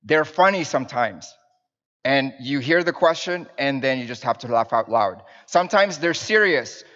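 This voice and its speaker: Chatty preacher in a ringing church. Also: male voice, mid-range voice, lively intonation, normal speed. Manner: warm storytelling with fillers and restarts, addressing the congregation. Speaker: minister, preacher. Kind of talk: conversational sermon. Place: church sanctuary with pews. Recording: dull sound in a reverberant church hall.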